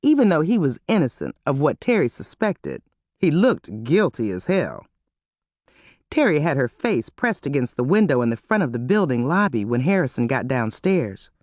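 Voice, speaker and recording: A woman narrating an audiobook in an expressive, animated reading style on a close mic. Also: very deep voice, moderate pace, no room sound.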